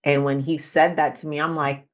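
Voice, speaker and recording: A woman in her thirties hosting a casual interview, telling a personal story in an animated way and acting out what people said. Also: moderate pace. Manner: animated storytelling, acting out quoted lines with big pitch jumps. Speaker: podcast host.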